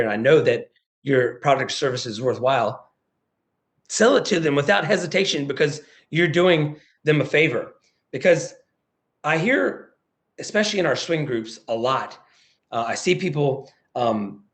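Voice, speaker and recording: An American man, a motivational speaker, giving a lively sales presentation over a video call and acting out phone conversations. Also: mid-range voice. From United States. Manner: animated, acts out phone calls in quoted voices.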